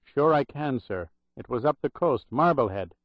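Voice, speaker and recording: A man doing a loud old Irish clerk. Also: mid-range voice, expressive, moderate pace, no room sound, pitched above the performer's own voice, lightly acted. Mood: sardonic. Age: older. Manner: loud brogue, sardonic storytelling. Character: elderly male Irish hospital supply clerk, wry and talkative. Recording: dull dry audiobook recording.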